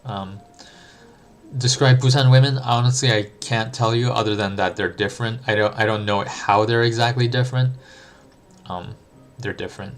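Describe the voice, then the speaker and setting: A man's voice: medium pitch, fairly even intonation, normal speed, faint music behind. A young adult man streaming live, answering chat in a reflective, thinking-aloud way with frequent ums and restarts. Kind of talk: casual livestream chat.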